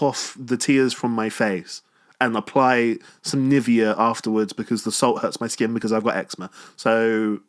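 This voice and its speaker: Chatty, animated man reviewing a film. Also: fairly low pitch, normal speed. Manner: animated, chatty, self-mocking. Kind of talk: casual spoken film review.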